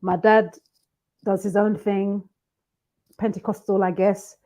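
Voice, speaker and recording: A woman's voice: mid-range voice, flat delivery, slow pace, mellow. A woman on an online panel discussing faith, giggling and trying to compose herself. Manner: giggling, trying to stay serious.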